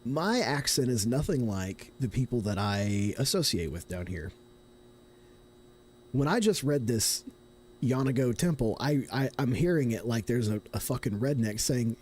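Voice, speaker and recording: A young man from Tennessee with a medium-pitched, darkish, animated voice streams a horror game at a measured pace. He chats casually during the live gameplay, thinking aloud in a rambling way and correcting himself, with slight background noise.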